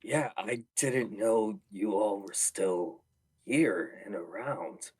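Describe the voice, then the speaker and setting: A man playing a tabletop game who talks slowly and hesitantly, pausing over his questions. His voice sits a little on the low side for a man. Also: a little mellow, breathy edge. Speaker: player. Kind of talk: casual tabletop play.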